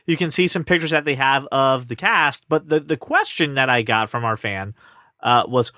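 A man hosting a casual podcast chat, talking in an animated, opinionated and jokey way. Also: medium pitch, moderate pace, no echo, clean studio sound. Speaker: podcast host.

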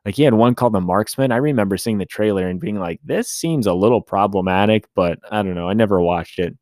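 Man, low voice, dry close sound, casual rambling movie chat. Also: fast, darkish tone, no echo. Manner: chatty, rambling, self-correcting. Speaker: movie review podcast host. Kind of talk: casual solo movie talk.

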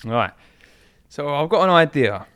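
Lively joking man. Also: fairly high pitch, a little slow, clear, resonant tone, no room sound. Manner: joking, swearing, laughs a lot. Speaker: podcast co-host. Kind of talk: casual chat.

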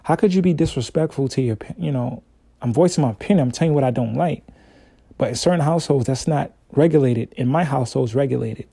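A man's voice: medium pitch, fast, gravelly, warm tone, husky, no echo. A man hosting a casual solo podcast, talking in a laid-back, slangy, conversational way. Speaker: podcast host, father.

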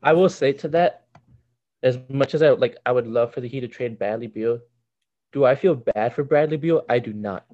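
A man's voice: medium pitch, moderate pace, highs cut off. A man co-hosting a casual sports podcast, blunt and emphatic in his opinions. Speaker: podcast co-host.

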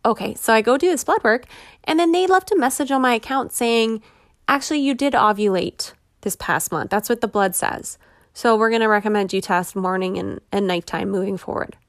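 A woman in her thirties hosts a personal podcast, speaking in a slightly high voice at a fairly quick clip. She's candid and chatty, laughing often while openly venting her frustration. The recording is dry and studio quality.

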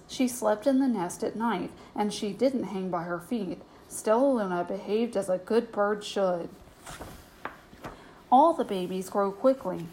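A woman reads a children's picture book aloud in a gentle, even storytelling manner. Her pitch sits in the middle range for a woman. Faint noise lies under the recording. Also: low-quality recording. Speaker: storybook reader, host. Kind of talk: bedtime storybook reading.

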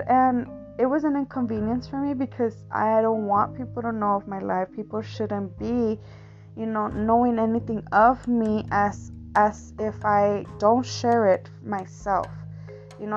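A woman's voice: a little high, a little mellow. A woman in a casual, rambling monologue, talking earnestly with many restarts and filler phrases. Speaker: speaker sharing life advice. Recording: dull lo-fi audio with faint guitar music.

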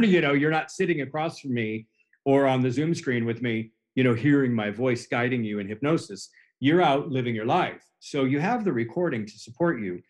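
A man in his forties speaks at an ordinary middle pitch, earnest and explanatory. He talks like a coach walking listeners through his process, building on images as he goes, in a relaxed podcast conversation. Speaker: hypnotherapist and coach.

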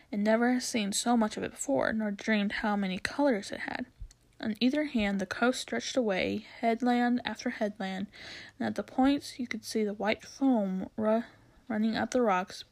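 A woman reading a children's novel aloud at a steady pace, now and then stumbling and restarting a word. Her voice sits a little on the high side. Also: creaky, poor audio. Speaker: reader.

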